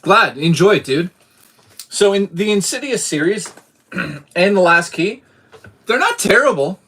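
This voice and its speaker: A man's voice: high voice, big pitch swings, unhurried, a bit bright, slightly rough. A man from Boston streaming live, chatting casually about his movie collection and reading out chat messages, swearing now and then.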